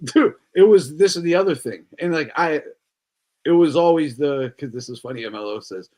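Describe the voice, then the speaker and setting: A man's voice: fairly high pitch, expressive, normal speed, a little mellow. A man hosting a casual podcast chat, talking loosely with lots of swearing and frequent laughter. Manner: loose, profane, laughs often. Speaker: podcast host.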